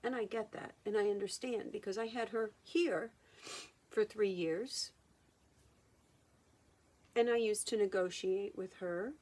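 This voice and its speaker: A woman hypnotherapist speaking in a personal vlog monologue, halting and reflective, often restarting her sentences. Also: medium pitch, fairly even intonation, darkish tone. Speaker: hypnotherapist and channeler.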